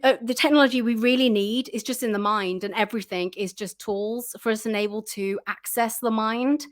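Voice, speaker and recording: A woman's voice: fairly high pitch, fairly bright tone. A woman guest chatting casually in an interview, full of fillers and restarts, acting out her own reactions.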